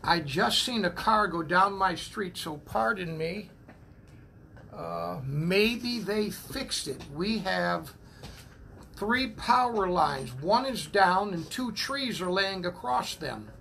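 Slow gravelly man greeting viewers. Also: high voice, animated, sharp tone, a little hiss or hum. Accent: New England. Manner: slow, repeats praise the Lord and amen between names. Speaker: church minister greeting online viewers. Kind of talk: casual livestream greeting. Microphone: phone propped up.

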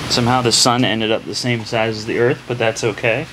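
A vlogging father, indoors at home, walks his daughter through an art project with brief, repeated, upbeat prompts. He talks fairly quickly in a mid-range voice with a flat delivery, and there's background noise.

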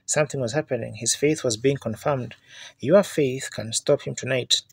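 A man's voice: medium pitch, normal speed, creaky, husky, dry recording. A man preaching a sermon in fervent storytelling style, building to emphatic outbursts. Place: church meeting.

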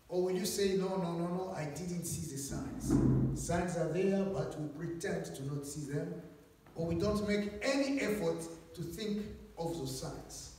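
A high-voiced man preaching in a big, echoing church hall, heard from some way off the mic. He talks with animated swings, rising loud and then dropping to hushed lines. The long reverb hangs behind every phrase. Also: recorded from a distance, slight background noise. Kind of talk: sermon.

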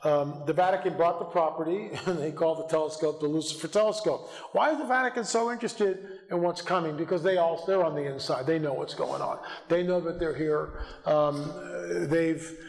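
Urgent male preacher-lecturer, high-pitched, reverberant church hall. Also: fairly quick, few pauses. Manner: urgent, exhorting, builds to shouted rebukes. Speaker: conference speaker. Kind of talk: fiery conference lecture. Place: church auditorium.

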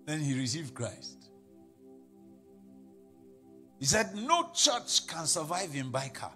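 A Nigerian pastor preaching a sermon, telling stories and quoting people in put-on voices, building to laughing shouts. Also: male voice, a little high, wildly swooping pitch, slow pace, faint music behind.

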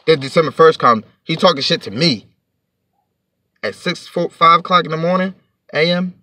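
Gravelly man ranting a storytime. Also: sits high, sharp tone, no echo, studio quality. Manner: heated, profane, rapid and rambling. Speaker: vlogger telling a story. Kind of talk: casual storytime rant.

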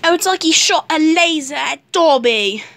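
A woman voicing an excitable little male house elf in a plush toy skit, who talks about himself in the third person. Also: high-pitched, normal speed, gravelly, exaggerated voice. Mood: scheming. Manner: excitable, squealing outbursts.

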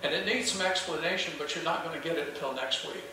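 A man's voice: fairly high pitch, fast talker, noisy background. A man preaching a sermon as pastor, earnest and emphatic, asking the congregation questions. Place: small church sanctuary. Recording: echoey church heard from a distance.

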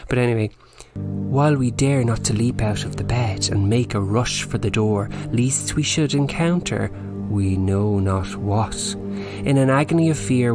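An Irish man hosting a podcast, reading from an old book and breaking off into jokey asides. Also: medium pitch. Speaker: podcast host.

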